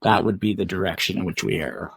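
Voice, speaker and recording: Middle-aged male guest; very low voice, dry close sound, earnest and reflective, searches for words. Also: steady tone, fast, breathy edge, no echo. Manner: earnest, thoughtful, many restarts and repeated phrases. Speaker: guest, former Olympic athlete; father. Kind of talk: reflective conversational interview.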